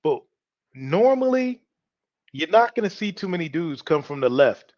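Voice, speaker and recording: A man's voice: a little high, big pitch swings, moderate pace, darkish tone, no room sound. Swaggering man, dry lo-fi mic. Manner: loose, swaggering, talks straight to the listeners. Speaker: podcast host. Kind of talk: casual opinion talk. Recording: dry, dull lo-fi home mic.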